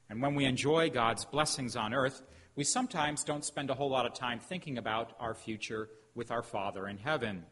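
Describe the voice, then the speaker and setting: A middle-aged man preaching a sermon as a pastor, telling a story with emphatic pauses. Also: mid-range voice, a bit bright, slightly rough. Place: church sanctuary. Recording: hall reverb, faint background noise.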